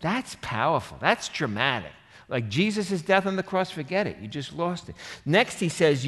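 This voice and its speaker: A man preaching a sermon, animated and emphatic, rising to forceful bursts. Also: a little high, moderate pace. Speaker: pastor. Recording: reverberant hall.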